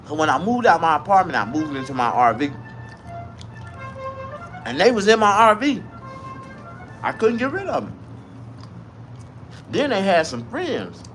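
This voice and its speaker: A man telling a comic story in a profane, rambling, animated way. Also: fairly high pitch, a little slow, long pauses, soft background music.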